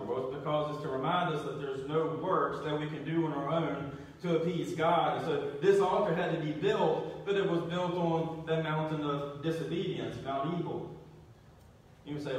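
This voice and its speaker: Echoey, distant pastor preaching a sermon. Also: male voice, mid-range voice, fairly even intonation, normal speed, slight background noise. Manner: conversational, asks the congregation questions; repeats words when restarting. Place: church sanctuary. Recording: echoey church, distant mic.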